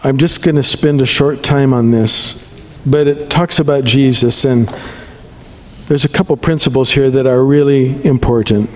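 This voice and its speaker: Conversational preacher in a reverberant hall. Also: male voice, medium pitch, fairly even intonation, moderate pace. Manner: conversational preaching with frequent check-ins to the congregation. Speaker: pastor. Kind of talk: sermon.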